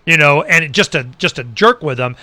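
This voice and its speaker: A middle-aged man hosts a talk show with a slightly high, bright, forceful voice. He tells stories in casual chat, animated, sinking low for muttered asides. The sound is close and dry, with no room around it. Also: a little fast, no echo. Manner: animated storyteller, drops pitch low for asides. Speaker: radio show host.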